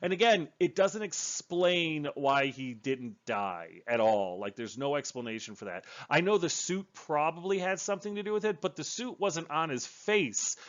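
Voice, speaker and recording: A man's voice: on the high side, lively intonation, normal speed, hardly any pauses, highs cut off. A man casually recapping a book's plot as a reviewer, rambling and correcting himself as he goes. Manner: rambling, chatty, with fillers and self-corrections. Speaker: book reviewer.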